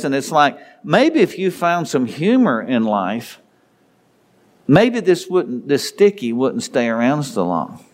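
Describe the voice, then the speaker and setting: A middle-aged man preaching a folksy devotional sermon, telling a homely story in a rambling way with many restarts. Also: a little high.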